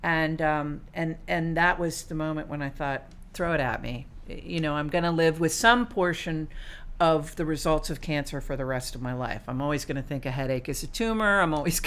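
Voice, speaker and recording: A woman's voice: low-pitched, fairly bright tone. A middle-aged woman, a guest on an interview show, telling her story casually with lots of fillers and acting out what she thought at the time. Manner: chatty, many fillers, acts out her own past thoughts. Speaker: guest, cancer survivor and swimmer.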